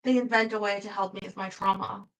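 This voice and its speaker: A woman's voice: mid-range voice, steady tone, fast talker, fairly bright tone, poor audio. A young woman streaming live, chatting casually with her viewers, laughing often and reading out their comments. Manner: chatty, giggly, reads chat aloud.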